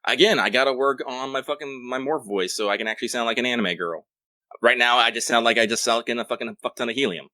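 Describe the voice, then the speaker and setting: A man with a mid-pitched, bright, animated voice chats quickly and jokes with his co-host. The sound is close and dry. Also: no room sound. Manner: laid-back, joking, reads listener mail. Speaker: podcast co-host. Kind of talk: casual gaming podcast chat.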